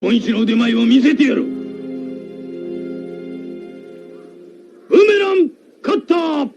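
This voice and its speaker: Boastful cartoon fighter, swooping delivery, mellow and dull old-TV sound with music. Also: male voice, very high-pitched, sing-song, unhurried, full character voice. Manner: boastful, commanding. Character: boastful male anime fighter showing off his skill. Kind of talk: Japanese anime dub.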